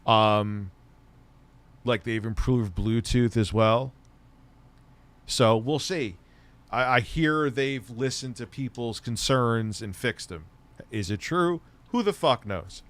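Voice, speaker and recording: Streaming from home, a man who comments on tech chats casually, blunt and sarcastic and swearing a lot. He's a bit stoned, which leaves his voice lower than usual. It is mid-range, slow and a bit bright.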